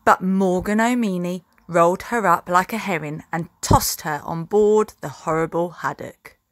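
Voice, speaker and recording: A teacher reading a children's storybook aloud in a slow, expressive storytelling voice. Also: female voice, fairly low pitch. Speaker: infant school teacher.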